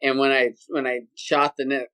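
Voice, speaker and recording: A man, a podcast guest telling a hunting story in a lively, casual way and acting out sounds and voices. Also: medium pitch, normal speed, smooth. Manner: animated, acts out sounds and voices.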